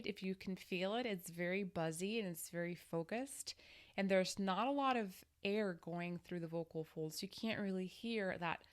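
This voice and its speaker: Speaking to camera in a lowish voice, a woman singing teacher leads a vocal lesson. She guides each exercise step by step in a calm, instructive way.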